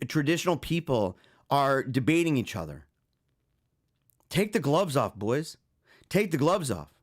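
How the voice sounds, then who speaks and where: A man hosting a talk show, talking in a casual, joking monologue and acting out little scenes with frequent chuckles. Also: fairly high pitch. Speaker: show host.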